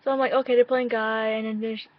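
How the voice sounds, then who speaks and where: A woman's voice: fairly high pitch, level tone, fast, dry recording. A young woman vlogging her reaction to a music video, gushing, swearing freely and quoting her own reactions with frequent laughs. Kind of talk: casual excited reaction vlog. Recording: dull lo-fi webcam sound, dry.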